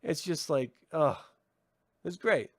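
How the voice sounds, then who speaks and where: A fairly high-voiced man talks through a TV episode in a loose, casual review. He gets excitable, swears freely and leans on "like" as filler. The sound is dry and close, with no room around it. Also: takes it slowly, no room sound. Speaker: TV series reviewer. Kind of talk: casual video review commentary.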